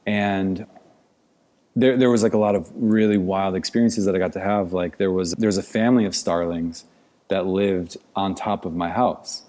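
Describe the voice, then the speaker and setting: A man's voice: low-pitched, fairly even intonation, normal speed, dark tone. A man, a podcast guest, telling a story in casual conversation, rambling with many "like" fillers. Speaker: podcast guest, outdoor educator.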